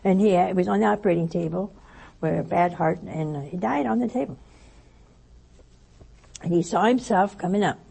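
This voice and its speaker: A woman giving a spiritual talk, telling a story in a lively way and acting out the voices she quotes. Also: on the low side, normal speed, gravelly, pauses often, breathy edge, rough recording. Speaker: religious teacher.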